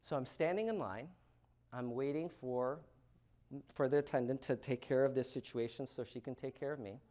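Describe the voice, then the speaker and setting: Dramatic man telling a story. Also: medium pitch. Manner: dramatic, swings from loud emphasis to hushed, halting delivery. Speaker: keynote speaker. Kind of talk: storytelling speech to an audience.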